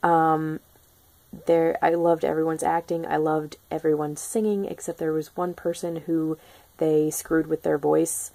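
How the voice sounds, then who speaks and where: A woman's voice: low voice, level tone, measured pace, creaky, mellow, no room sound. A young woman chatting casually in a spoiler-free film review, gushing and full of ums and restarts. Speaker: book and film vlogger.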